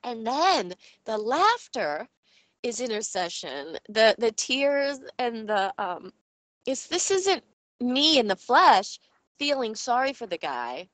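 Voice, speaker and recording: A woman in her forties giving a personal faith testimony, earnest and halting as she searches for words, often laughing as she talks. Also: on the high side, sing-song, a bit bright, no echo. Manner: often breaks into laughter while speaking. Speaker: Christian speaker sharing a testimony.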